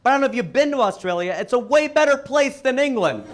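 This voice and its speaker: An American stand-up comedian with a bright, fairly high voice that leaps up and down in pitch as he lands his punchlines. His delivery is punchy and animated, building to loud emphatic peaks. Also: fast talker, very noisy. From United States. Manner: animated, punchy storytelling with big pitch swings. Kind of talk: stand-up set.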